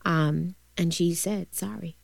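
A woman in a candid chat who presses others with pointed questions and grows softer and quieter when she tells a personal story. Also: fairly low pitch, steady tone, slow, gravelly, no room sound. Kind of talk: emotional casual chat.

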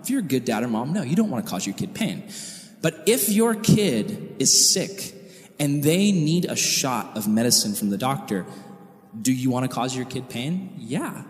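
A man preaching a youth sermon to high school students, animated and slangy, acting out quotes as he goes. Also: normal speed, reverberant, in a large hall. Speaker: youth pastor.

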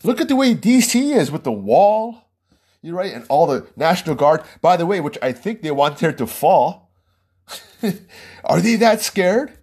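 Heated husky man hosting a podcast. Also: on the high side, very animated, normal speed, a little mellow. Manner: heated, rambling, laughs between points. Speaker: podcast host. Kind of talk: political commentary monologue.

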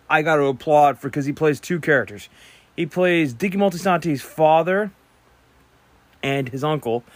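A man's voice: fairly high pitch, no echo. Chatty man reviewing a movie. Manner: rambling, chatty, with self-corrections and restarts. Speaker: podcast host. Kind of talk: casual spoken movie review. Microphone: podcast microphone.

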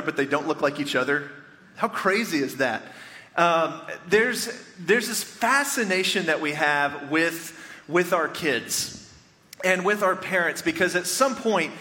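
A pastor in his thirties with a fairly high, bright and forceful voice, telling stories and joking with the congregation in a chatty sermon. His voice rings out with a long reverb, as if filling a large church hall. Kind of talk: conversational storytelling sermon. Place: church sanctuary before a congregation.

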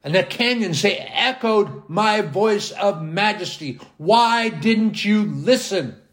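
A man voicing God, a majestic male figure who gently reproaches people in slow, grand, questioning words. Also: sits high, lively intonation, voice pushed up, full character voice. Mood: reproachful, majestic.

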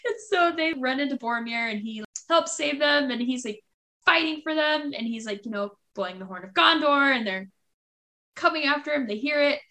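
Slightly high bright woman, gets all worked up retelling stuff on a podcast. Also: normal speed. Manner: excited, emotional retelling. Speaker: podcast co-host. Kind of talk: casual book chat.

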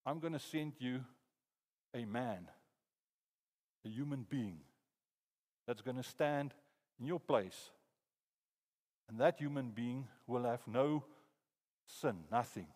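A man with a South African accent voicing a grave male judge in a hushed, solemn way, with long hall reverb. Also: fairly high pitch, animated, normal speed, pauses often, lightly acted. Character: grave judge weighing guilt and mercy, male.

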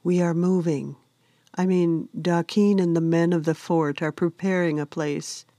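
A woman reads the part of a young male warrior in a fantasy audiobook. He speaks gently and soberly, with a lowish voice. The pace is slow and steady. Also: no echo, studio quality.

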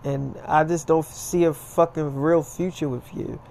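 A man's voice: fairly high pitch, fairly even intonation, a little slow, vocal fry, darkish tone. A man voicing a blunt young woman who curses and speaks curtly, in a casually told story. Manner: curt, cursing, defensive.

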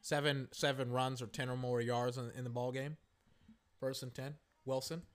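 This is casual live reaction commentary from a man following a football game, wandering in his talk and shouting out plays eagerly in the moment. He speaks at a normal speed in a mid-range voice.

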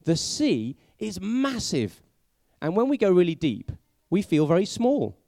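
A man preaching a sermon, telling it like a story and asking his listeners many questions, sometimes dropping to a hushed voice for emphasis. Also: high-pitched, huge pitch swings, unhurried, gravelly, no echo, clean studio sound. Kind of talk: sermon for a family audience.

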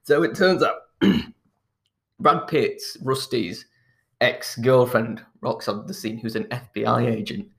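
In casual conversation, a man with a mid-range, slightly bright voice and some vocal fry slowly retells a film plot. He rambles, restarts his sentences often, and chuckles as he goes.

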